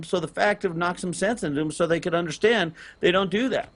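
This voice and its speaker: A middle-aged man, telling a long personal story on a casual gaming podcast, rambling with restarts and getting loud on key points. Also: a little high, fairly quick. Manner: animated, rambling with restarts, rises loud on emphasis. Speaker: podcast co-host and parent.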